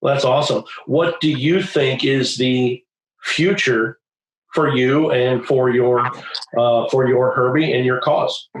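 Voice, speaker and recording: A man co-hosting a car podcast, relaxed and joking in casual chat. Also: medium pitch, slight background noise. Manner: relaxed, quick affirmations, joking. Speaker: podcast co-host. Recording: roomy echo.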